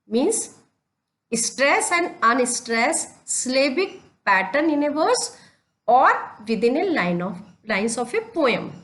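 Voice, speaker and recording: A woman teacher with an Indian English accent, giving a deliberate lecture on poetry and repeating her points step by step. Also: fairly high pitch. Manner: repeats and restates points, deliberate stepwise explanation. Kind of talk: slow classroom lecture on poetry.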